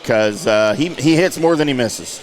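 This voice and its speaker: A man's voice: medium pitch, animated, moderate pace. A man co-hosting a golf podcast in casual chat, joking and ribbing his partner. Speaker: podcast co-host.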